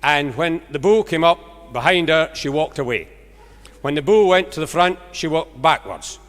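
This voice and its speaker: A Scottish man tells jokes from the stage in a bright, fairly high voice, briskly building each story toward its punchline. His voice rings out through the long echo of a large music hall. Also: expressive. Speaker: stand-up comedian. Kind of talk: stage joke-telling. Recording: echoey concert hall.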